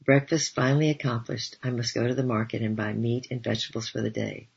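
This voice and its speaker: A man reading a first-person memoir aloud, at a steady, even pace. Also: mid-range voice, fast talker, gravelly, breathy edge. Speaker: audiobook reader. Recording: dull, lo-fi recording.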